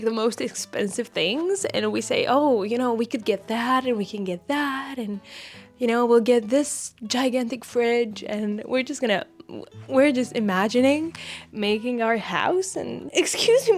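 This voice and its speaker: A young woman with a high, bright voice chats through a book review, reading out lines between reactions. She sounds tearful and worked up, exclaiming at how sad the story is, with faint music playing behind her. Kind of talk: casual reading vlog, reading passages aloud.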